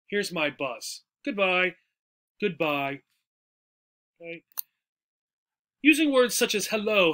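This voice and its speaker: A man with a fairly high, sharp-toned voice teaches English, going through a textbook dialogue in a chatty way. He frequently checks in with listeners by asking "right?" and "okay?"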